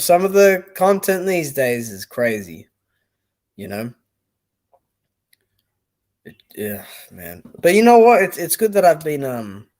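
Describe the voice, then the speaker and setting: Young male streamer, unhurried delivery, rambling and blunt, casual commentary. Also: mid-range voice, darkish tone. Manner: blunt, rambling, swears freely. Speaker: boxing streamer.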